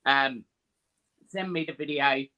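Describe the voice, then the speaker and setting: An easygoing man talks as a guest in a friendly chat. His voice is bright and forward, and his pitch sits in the middle range. He sounds upbeat throughout. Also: slow, clean tone, highs cut off. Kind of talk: casual chat.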